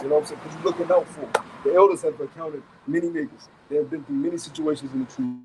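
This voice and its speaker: A man's voice: fairly high pitch, fast talker, hardly any pauses, noisy background. A man preaching to a group outdoors as a camp elder, emphatic and profane, repeating phrases and asking rhetorical questions.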